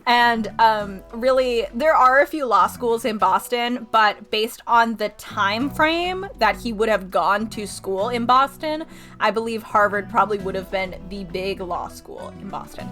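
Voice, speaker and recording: Chatty woman streamer, slightly high voice. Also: measured pace, a bit bright, faint music behind. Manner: chatty, laughs often, talks to chat. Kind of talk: casual gameplay commentary.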